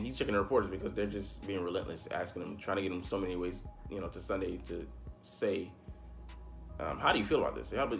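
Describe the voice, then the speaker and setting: Um homem falando sozinho sobre futebol americano em tom de conversa, divagando, com palavrões e explosões de irritação. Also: male voice, sits low, creaky. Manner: rambling, profane, heated bursts. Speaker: sports commentary host. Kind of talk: casual solo sports talk.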